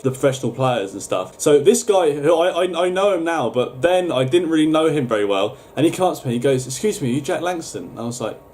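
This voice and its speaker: A man's voice: fairly high pitch, a little mellow. A young man chatting casually, rambling and swearing now and then. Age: young adult. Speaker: YouTuber. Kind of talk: casual chat.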